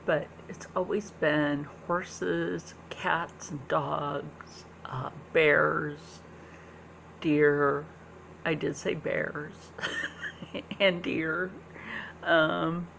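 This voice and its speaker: A woman chatting casually while doing a makeup tutorial. She is soft-spoken, often drops into a whisper, and fills pauses with ums. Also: lowish voice, vocal fry, a little hiss or hum, low-quality recording. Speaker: beauty vlogger. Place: indoors at home.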